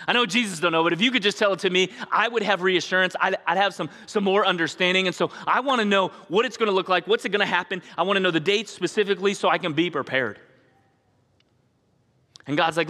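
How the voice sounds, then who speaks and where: A middle-aged male pastor delivers a sermon in a church, with a bright, forceful tone and a voice pitched a little high. He tells stories animatedly, slips into voices, and puts questions to the congregation. His words ring out with a long hall reverb. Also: fast. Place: church sanctuary.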